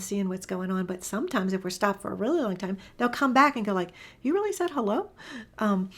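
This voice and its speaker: At a medium pitch, a woman eagerly shares stories while teaching a laid-back spoken lesson about animal communication. Her voice often fades down into a breathy whisper.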